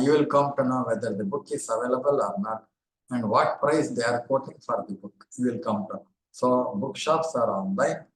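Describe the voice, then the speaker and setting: An older man with an Indian accent giving an online lecture as a former university librarian, explaining steadily with frequent pauses and repetitions. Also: medium pitch, roomy sound, rough recording.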